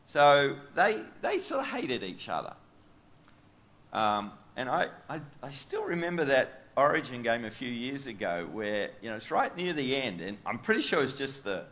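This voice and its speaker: A man's voice: medium pitch, big pitch swings, unhurried, pushed and bright. A man with an Australian accent preaching a sermon in a chatty storytelling way, full of asides. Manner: chatty, with frequent asides and fillers.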